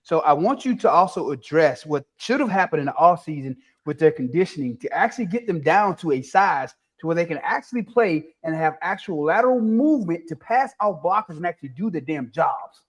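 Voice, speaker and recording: A man's voice: on the high side, animated, a little fast, hardly any pauses. A man, a former college linebacker, giving blunt and emphatic opinions on a sports panel and swearing for emphasis. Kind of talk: casual sports chat.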